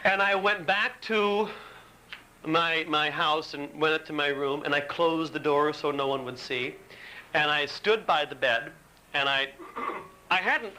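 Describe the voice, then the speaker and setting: Captured on an old, faintly hissing tape of low quality, a man with a fairly high, sharp voice addresses a live audience in a retreat meeting room. His personal recovery talk is honest and self-deprecating, and he dramatizes the argument going on in his own head.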